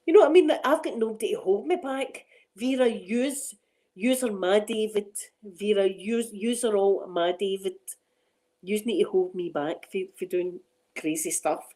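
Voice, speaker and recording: Scottish lady, middle-aged, rambly chatty storyteller, soft mellow voice. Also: medium pitch, moderate pace, rough recording. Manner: chatty, rambling, laughs often. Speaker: ASMR channel host. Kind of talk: casual chat.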